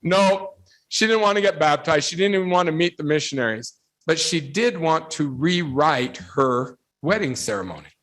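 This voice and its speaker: A man's voice: a little high, normal speed. A man giving a storytelling devotional talk to young people. He acts out the voices in his anecdotes and builds his point through rhetorical questions and emphatic repetition. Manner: animated storyteller who acts out quoted voices. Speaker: youth speaker.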